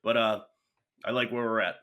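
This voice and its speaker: A man's voice: lowish voice, little pitch movement, moderate pace, bright, forceful tone. A man co-hosting a casual sports betting podcast, laid-back, with short remarks and frequent laughs. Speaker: podcast co-host.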